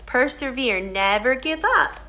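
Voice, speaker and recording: A woman teacher reads a picture book aloud, stopping often to question and explain to young children. She speaks slowly in a bright, slightly high voice. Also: lively intonation.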